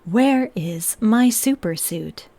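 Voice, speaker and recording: A woman putting on a stiff robot voice, speaking commands slowly and flatly during a livestream voice game. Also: medium pitch, no echo. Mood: robotic.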